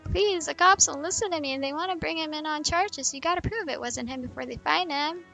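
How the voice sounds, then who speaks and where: A woman's voice: high voice, fairly quick, gravelly, bright, forceful tone, faint music behind, pitched above the performer's own voice, exaggerated voice. Brief: frightened young woman client, read by a woman, pleading, breathless.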